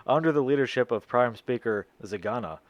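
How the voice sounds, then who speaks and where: A man co-hosting a podcast, reading notes haltingly with slips, swearing and laughing in casual chat. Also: medium pitch, expressive, no room sound, muffled recording. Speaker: podcast co-host.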